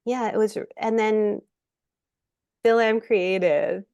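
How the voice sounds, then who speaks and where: A middle-aged American actress, a guest in a casual interview, telling lively stories, acting out quoted voices and laughing often. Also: female voice, medium pitch, slow pace, creaky, smooth, dry recording, muffled recording. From United States.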